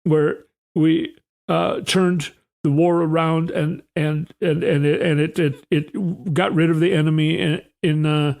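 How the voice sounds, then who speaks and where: A man's voice: a little high, little pitch movement, vocal fry, a little mellow. Man doing a stammering flustered official. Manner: halting, endlessly repeating words.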